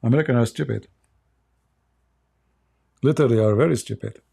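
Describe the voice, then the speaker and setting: A man's voice: medium pitch, brisk, gravelly, dark tone, breathy edge. A middle-aged man with an Arabic accent hosting a livestream, blunt, mocking and emphatic in his commentary. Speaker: livestream host.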